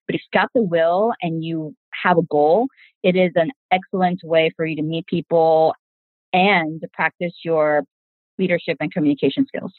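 A woman's voice: low-pitched, steady tone, normal speed, dry recording. Earnest mother on a tinny line. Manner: earnest, reflective, speaks in long connected sentences. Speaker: podcast guest. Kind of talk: casual podcast conversation. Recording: tinny phone-like sound.

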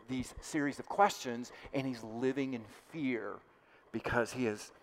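A male pastor preaching a sermon with passion, swelling louder and then dropping to hushed asides. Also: medium pitch. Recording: long hall reverb.

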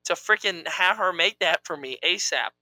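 A man chats casually as a podcast co-host, teasing his partner in a playful way. His voice is bright. The sound is dry and close, with no room echo. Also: high voice, normal speed. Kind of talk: casual chat.

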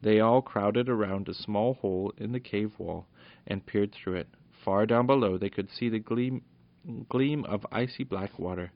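A man reading a children's storybook aloud in a steady narration with small stumbles, on a dull lo-fi recording. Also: on the low side, normal speed.

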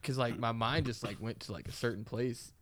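A man's voice: mid-range voice, fairly even intonation, fairly quick, a little hiss or hum. A young man telling a rambling story in casual chat, swearing often and laughing along.

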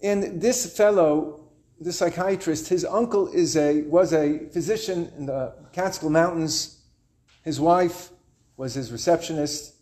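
A man in his twenties telling a story, wry and animated with dramatic pauses. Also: on the high side. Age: 20s. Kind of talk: told story to an audience.

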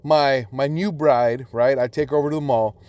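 A man's voice: medium pitch, steady tone, normal speed, darkish tone, dry recording. A man telling a personal story in a casual, profane, rambling way, full of restarts.

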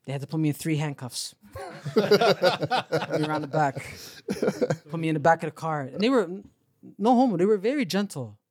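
In clean studio sound with no echo, a young podcast host from Canada, Toronto accent and all, tells a casual story, voicing the characters and laughing as he goes. His fairly high, slightly rough voice moves at a moderate pace with long pauses.

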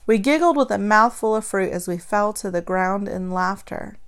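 A woman narrating a story in the first person, expressive and acting out the dialogue. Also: mid-range voice, normal speed.

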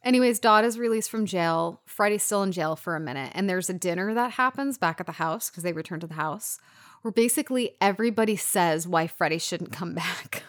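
A woman co-hosts a casual podcast about a film. She talks in an animated, loose way, swears freely and retells scenes with feeling. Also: fairly low pitch, fairly quick. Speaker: podcast co-host.

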